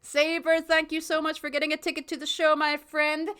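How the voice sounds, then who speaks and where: A woman's voice: high voice, completely flat delivery, brisk, sharp tone. A Scottish woman streaming a game, chatty and giggly, mocking her own stumbles while reading aloud. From Scotland.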